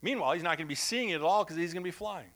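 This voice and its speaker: A man preaching a sermon in church, telling a story in a conversational, animated way with asides to the congregation. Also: high voice, racing. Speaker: pastor.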